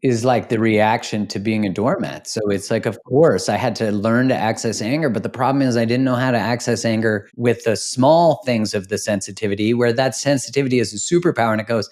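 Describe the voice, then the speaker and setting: A man's voice: medium pitch, fairly quick, hardly any pauses, a little mellow. A man hosting a podcast, talking in a reflective, explanatory way in casual conversation. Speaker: podcast host.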